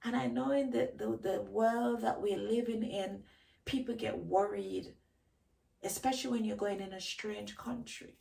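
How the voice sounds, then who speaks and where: A woman's voice: mid-range voice, fairly even intonation, unhurried, creaky, mellow, distant mic, rough recording. A woman vlogger giving a reflective talk on self-knowledge, emphatic, asking rhetorical questions and repeating key phrases. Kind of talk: reflective solo talk to camera.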